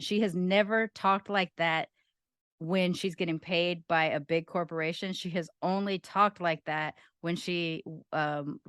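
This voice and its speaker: A woman's voice: fairly low pitch, a bit bright, smooth, no echo, clean studio sound. A woman co-hosting a casual podcast chat, emphatic and opinionated, counting off her points. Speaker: podcast co-host.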